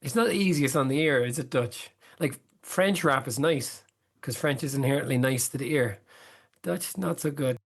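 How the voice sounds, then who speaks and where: A man's voice: mid-range voice, normal speed, husky. A middle-aged man co-hosting a casual chat, laid-back with dry quips. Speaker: podcast co-host.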